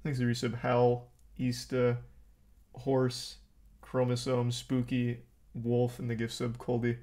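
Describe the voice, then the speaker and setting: A man's voice: medium pitch, monotone, measured pace, dark tone. A man streaming live, bluntly and profanely ranting about a movie to his chat in casual talk.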